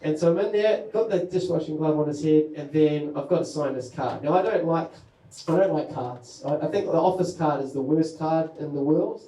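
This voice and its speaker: A man's voice: fairly high pitch, warm tone, slight background noise. A man, doing a rambling, self-mocking stand-up set about parenting. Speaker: stand-up comedian. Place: comedy venue with an audience. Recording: echoey room.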